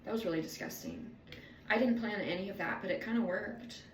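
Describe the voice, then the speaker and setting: A woman's voice: mid-range voice, a little fast, roomy sound, recorded from a distance, slight background noise. A woman talking to camera in a casual, rambling monologue, wry and self-mocking, with plenty of swearing. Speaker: vlogger.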